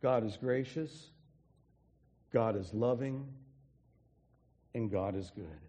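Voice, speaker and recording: Pastor guy preaching, mellow dark voice, big echoey church sound. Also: lowish voice, slow. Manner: earnest, with frequent restarts and soft drops for emphasis. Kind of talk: sermon.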